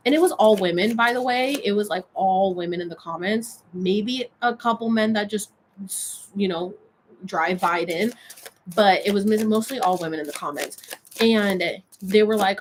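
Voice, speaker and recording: A woman's voice: mid-range voice, moderate pace, slight background noise. A woman on social media telling a story in a casual vlog, rambling with lots of filler words and reading oracle cards aloud. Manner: rambling, filler-heavy retelling.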